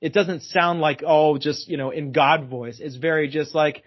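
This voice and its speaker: A man's voice: on the high side, fairly even intonation, moderate pace, few pauses. A man as a guest expert on a podcast interview, explaining at length and emphatically repeating his key phrases. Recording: dull lo-fi sound.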